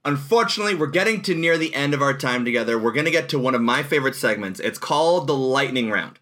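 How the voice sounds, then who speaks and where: A man hosting a casual podcast chat over a video call, excitable and upbeat. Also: medium pitch, fast talker. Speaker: podcast host.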